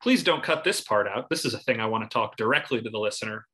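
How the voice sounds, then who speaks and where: A man's voice: on the low side, expressive, quick pace, bright, forceful tone, rough recording. A man hosting a sports podcast, talking casually and analytically about a college football season, with wry asides and laughs.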